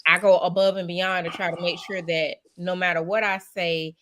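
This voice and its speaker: Measured woman on a podcast. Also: on the low side, little pitch movement, a bit bright. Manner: measured, restarts her sentences. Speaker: podcast co-host. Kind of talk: casual chat.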